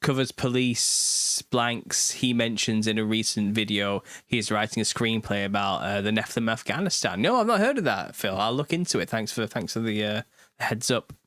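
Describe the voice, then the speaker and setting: A man's voice: fairly low pitch, animated, normal speed, fairly bright tone, no room sound. Chatty British man, dry close sound. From United Kingdom. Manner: chatty, laughs often mid-sentence. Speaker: host. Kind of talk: casual livestream chat reading viewer comments.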